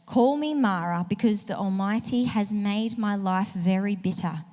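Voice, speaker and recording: A woman voicing a bitter, grieving older woman in a slow, heavy reading. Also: mid-range voice, darkish tone, natural voice. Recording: reverberant hall.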